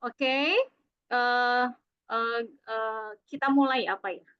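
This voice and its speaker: A woman with an Indonesian accent presents as a student over a video call, speaking slowly in a high, clean-toned voice. She hesitates often and uses many fillers, sounding like a learner working through a second language. The audio is dull and lo-fi.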